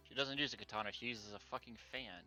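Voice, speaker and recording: A man's voice: mid-range voice, fast talker, bright, forceful tone, soft background music. A male streamer reading game text aloud, breaking in with sarcastic, exasperated asides and swearing.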